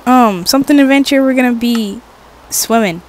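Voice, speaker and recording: A woman's voice: on the high side, normal speed, heavy background noise. A woman giving casual, jokey commentary while playing a game, chatting to herself and swearing now and then. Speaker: gaming vlogger.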